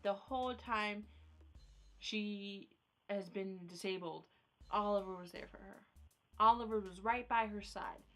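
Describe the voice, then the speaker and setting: A woman's voice: medium pitch, a bit bright. Exasperated young woman ranting. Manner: exasperated ranting, repeats herself, many "like"s. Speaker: vlogger. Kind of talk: casual ranting vlog. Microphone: phone camera.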